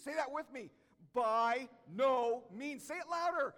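A male pastor preaching a sermon, animated and drawing the congregation into call-and-response. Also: extremely high pitch, normal speed. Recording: long hall reverb.

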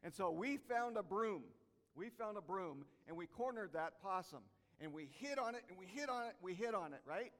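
Animated preacher man in a reverberant hall. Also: high voice, moderate pace. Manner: animated, call-and-response with congregation. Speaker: pastor. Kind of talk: sermon.

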